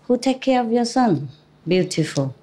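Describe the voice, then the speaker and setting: A woman's voice: fairly high pitch, sing-song, normal speed, dark tone, slight background noise. A woman spiritual teacher giving an informal talk to an audience, chatty and teasing, laughing often, in English that is not her first language. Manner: non-native English phrasing.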